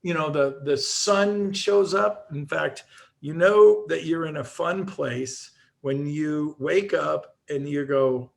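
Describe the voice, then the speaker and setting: A middle-aged man giving an energetic motivational talk as a guest speaker, telling stories with frequent restarts. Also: on the high side, slow, gravelly. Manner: energetic storytelling with repeated restarts.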